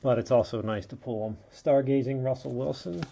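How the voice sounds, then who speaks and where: A man with a gravelly, fry-heavy voice runs through a card break in a relaxed, chatty way, naming each pull as it comes. He sounds a bit under the weather, and there's a faint hiss of noise behind him. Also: medium pitch, a little fast, highs cut off. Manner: running play-by-play of pulls, chatty asides. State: feeling unwell. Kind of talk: casual card-opening commentary.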